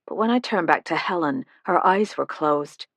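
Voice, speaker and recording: A woman reading a first-person mystery audiobook in an even, measured way. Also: lowish voice, vocal fry, no echo. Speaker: audiobook narrator.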